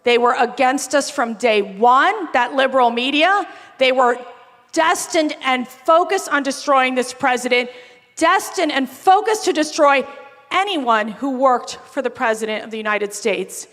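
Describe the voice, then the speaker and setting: A woman telling lively anecdotes to a crowd at an event, emphatic and rousing. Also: high-pitched, measured pace. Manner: animated, emphatic, builds to rousing calls. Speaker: speaker at a political event. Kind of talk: storytelling speech to a crowd. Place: event venue before a crowd. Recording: reverberant event hall.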